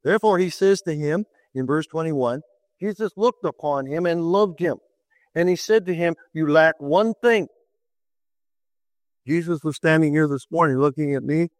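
A man's voice: moderate pace, no room sound, poor audio. A man preaching a sermon, telling a Bible story with dramatic swings in his voice and asking the listeners rhetorical questions. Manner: dramatic, swings pitch to act out quoted voices.

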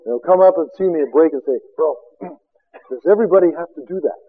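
High-voiced male preacher on tinny audio. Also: fast, breathy edge. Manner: rhetorical questions, swings from loud exclamations to quiet asides. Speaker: preacher and seminar teacher. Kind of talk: sermon.

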